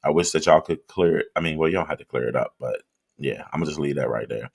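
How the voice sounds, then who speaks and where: A man's voice: extremely low pitch, quick pace, gravelly. A man hosting a casual livestream, reading viewer comments and talking loosely and directly to his audience while drinking. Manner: loose, chatty, talks straight to viewers. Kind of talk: casual live chat.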